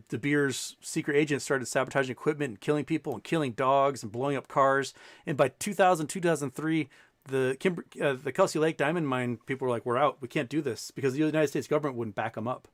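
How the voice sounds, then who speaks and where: A man's voice: medium pitch, no room sound, clean studio sound. A man hosting a podcast, telling a long story in casual chat and acting out the people in it, with many restarts. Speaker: podcast host.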